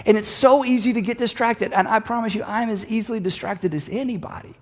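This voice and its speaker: An earnest male pastor with a notably high voice tells a scripture story in sermon style. He draws the listeners in and has them repeat a line with him. His voice rings with a long reverb, as in a large hall. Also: fast talker. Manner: earnest, storytelling, leads congregation in call-and-response.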